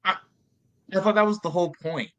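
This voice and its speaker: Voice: mid-range voice, fairly quick. A podcast co-host in casual chat, reacting with short incredulous interjections.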